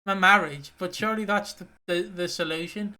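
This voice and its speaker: A man's voice: sits high, fairly even intonation, moderate pace, pushed and bright. A man co-hosting a casual podcast, rambling, swearing and laughing often. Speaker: co-host.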